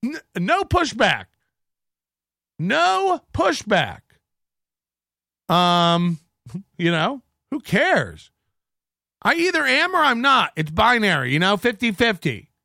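A man's voice: extremely high pitch, huge pitch swings, a little slow, sharp tone, no echo, clean studio sound. A middle-aged man hosting a podcast, ranting in a profane, mocking, rambling way. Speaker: podcast host. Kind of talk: casual rant reading chats.

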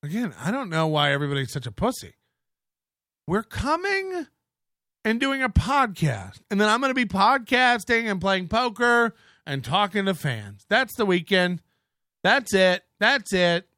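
A man's voice: high voice, very animated, moderate pace, sharp tone, no room sound, studio quality. A man hosting a podcast, ranting in a mocking tone and laughing often. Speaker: podcast host. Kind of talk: ranting commentary.

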